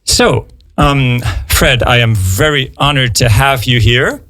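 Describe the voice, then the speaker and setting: Guy hosting a radio chat for learners, halting, lots of ums, dead dry studio sound. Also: medium pitch, a bit bright, no room sound. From United States. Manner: slow, hesitant, many fillers. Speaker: radio host. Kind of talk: bilingual radio interview for learners.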